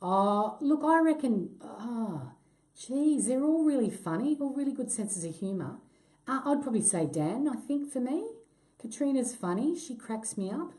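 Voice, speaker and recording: An actress answering fan questions in a live chat, self-deprecating and quick to laugh. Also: female voice, fairly high pitch. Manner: self-deprecating, laughs easily, lively swings in tone. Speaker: actress and guest.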